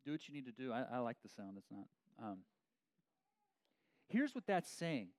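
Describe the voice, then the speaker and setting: A man's voice: medium pitch, normal speed, dry recording. A man preaching a sermon as a pastor, in a conversational way with frequent restarts. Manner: conversational, animated with many restarts.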